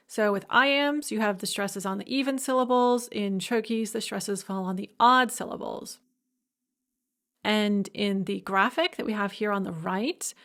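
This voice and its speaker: A woman giving a recorded lecture, explaining step by step with enthusiasm and humming rhythms to illustrate. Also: mid-range voice.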